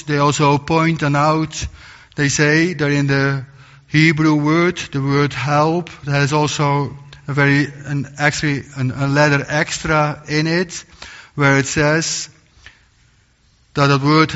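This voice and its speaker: A man preaching a sermon in earnest, halting English, often restarting and repeating words. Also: on the high side, a bit bright. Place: church. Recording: long church reverb, dull lo-fi sound.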